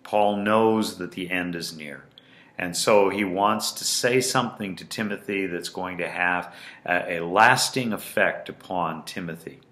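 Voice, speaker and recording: A man preaching in a slow, measured sermon, leaning hard on key phrases and repeating them. His voice sits very low yet carries a bright, forceful edge. The sound is roomy and echoing. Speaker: pastor. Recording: roomy echo.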